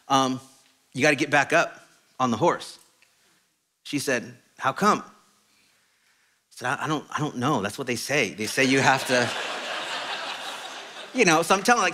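A middle-aged man preaching a sermon as a pastor, telling stories in an animated, self-deprecating way. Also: on the high side. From Mexican heritage. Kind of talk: storytelling sermon. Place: church auditorium.

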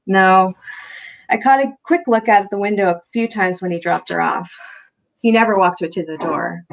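A woman voicing a bubbly, sociable young woman who talks loudly and teases cheerfully in a storybook reading. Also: medium pitch, moderate pace, creaky, lightly acted. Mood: gossipy. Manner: loud, cheerful, teasing.

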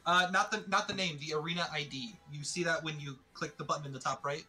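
Bright-voiced man joking in game chat. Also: fairly high pitch, fairly even intonation, fast, soft background music. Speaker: gamer chatting with friends. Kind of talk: casual voice chat while gaming.

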